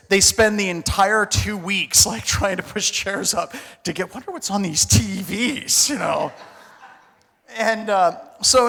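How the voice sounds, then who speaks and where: A middle-aged American man telling a comic story on a conference stage, casual and animated, with slang and mild swearing. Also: high-pitched. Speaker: conference speaker. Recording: reverberant conference hall.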